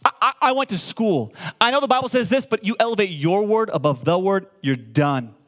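A pastor in his forties preaches an animated, call-and-response sermon, often stammering and repeating words when excited. His voice is high-pitched and fairly quick.

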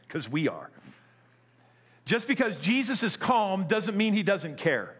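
A middle-aged man preaching a sermon, telling a story with animation before turning quiet and earnest. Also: high voice, very animated, measured pace, pauses often, breathy edge. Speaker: pastor.

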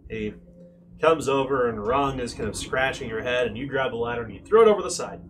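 A man running a tabletop game as game master, describing scenes in an animated way with frequent fillers. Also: mid-range voice, fairly quick, a little hiss or hum.

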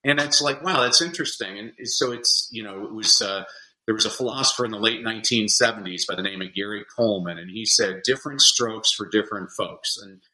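Podcast guest, male educator: bright, punchy voice, animated anecdotal delivery. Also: lowish voice, a little fast, rough recording. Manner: animated storyteller acting out kids' voices. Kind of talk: casual podcast chat.

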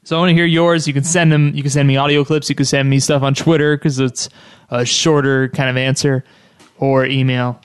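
A man's voice: mid-range voice, flat delivery, brisk, clean tone, no echo, clean studio sound. A man hosting a podcast, chatting casually and enthusiastically in loose, rambling phrases. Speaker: podcast host. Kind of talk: casual chat.

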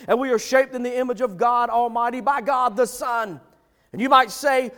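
High-voiced preacher in a reverberant hall. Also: male voice, steady tone, normal speed, bright, forceful tone. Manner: emphatic preaching, repeats phrases for stress. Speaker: pastor. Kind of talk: sermon.

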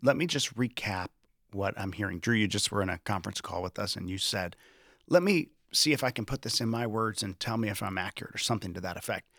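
A man with a fairly low voice leads a relaxed discussion. He reflects as he talks and slips into little acted-out quotes. The sound is close and dry. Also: fast, dry recording. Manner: reflective, acts out quoted lines with shifting tone. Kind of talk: conversational discussion.

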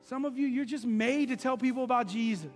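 Male pastor, very high voice, chatty storytelling sermon, faint music, long hall echo. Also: fairly quick. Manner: conversational storytelling preaching, animated.

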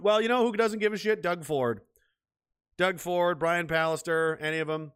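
A man's voice: fairly high pitch, normal speed, fairly bright tone, clean tone. A man delivering a bitter, profane solo rant as a vlogger, repeating himself as he goes. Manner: profane, repetitive, bitter and heated. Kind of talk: ranting solo monologue.

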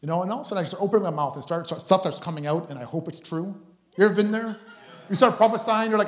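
A man with a French-Canadian accent, a preacher telling a lively testimony story with many restarts. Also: sits high, very fast, reverberant. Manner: animated, chatty, many restarts.

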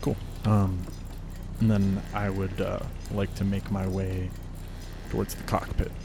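Low, gravelly-voiced male player. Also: level tone, music in the background. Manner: deliberate, hesitant. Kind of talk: tabletop game play.

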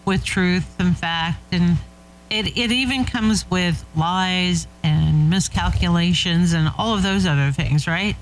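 A woman's voice: lowish voice, slow pace, faint music behind, rough recording. A woman co-hosting a talk show, speaking conversationally and chiming in with questions. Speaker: co-host. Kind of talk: casual chat.

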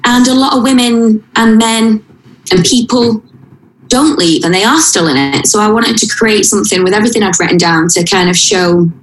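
A woman sits in a room with a noticeable echo, recounting something painful from her own life. She speaks haltingly and with feeling, often restarting her sentences. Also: medium pitch, a little hiss or hum. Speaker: interview guest. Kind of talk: personal account in conversation. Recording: roomy echo.

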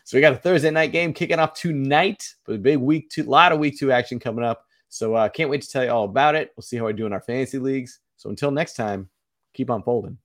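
A man's voice: medium pitch, quick pace, fairly bright tone. A man co-hosting a casual sports podcast, talking in an upbeat, chatty way and laughing often. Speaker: podcast co-host.

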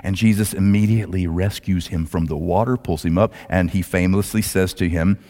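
A male pastor preaching a sermon as a dramatic storyteller who swings between loud, rising lines and hushed, low ones. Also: fairly even intonation, fairly quick. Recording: long hall reverb.

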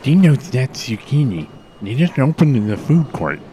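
A man doing a brash, crude young woman executive with a lively, bouncing pitch. She talks bluntly, often through a mouthful of food. Faint background hiss. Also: a little slow, natural voice.

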